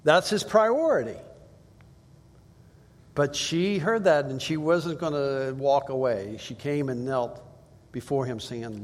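A man's voice: mid-range voice, slow pace, pauses often, big-room sound. A man giving a conversational Bible teaching, reading passages aloud and asking rhetorical questions.

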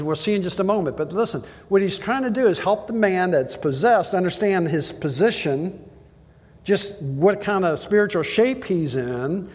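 Male pastor, slightly high-pitched, storytelling sermon delivery that turns emphatic; long hall echo. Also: a little mellow. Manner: storytelling, acts out dialogue in quotes, rising to emphatic preaching. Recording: long reverb of a large hall.

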